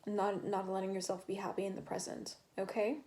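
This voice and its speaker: A woman's voice: mid-range voice, flat delivery, brisk, dark tone. A woman giving a casual tarot reading to her viewers, chatty and rambling, with many fillers and restarts. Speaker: tarot reader.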